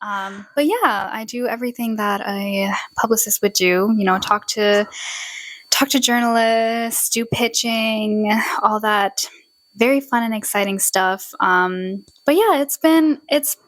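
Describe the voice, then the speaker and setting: A woman's voice: medium pitch, a little slow, dry recording, poor audio. A woman in her twenties from Nepal, co-hosting a casual podcast chat, talking in a rambling way with many fillers and laughs. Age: 20s. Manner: chatty, filler-heavy, laughs often. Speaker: podcast co-host.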